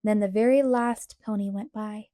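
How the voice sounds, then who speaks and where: A woman reading a children's novel aloud as an audiobook, steady and measured. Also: medium pitch, no room sound, studio quality. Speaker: audiobook reader. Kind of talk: storybook read-aloud narration.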